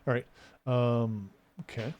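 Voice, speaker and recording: A man's voice: mid-range voice, steady tone, slow pace, darkish tone, a little hiss or hum. A man streaming a game live from home into a desk microphone, chatting playfully, rambling between gameplay remarks and teasing his cat.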